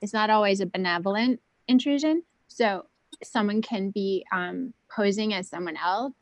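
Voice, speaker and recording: A woman's voice: medium pitch, normal speed, no room sound, poor audio. Rambling woman on a dry call mic. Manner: rambling, lots of "like" and "um", drops to a hush at times. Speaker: guest. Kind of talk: casual video call chat. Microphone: video call.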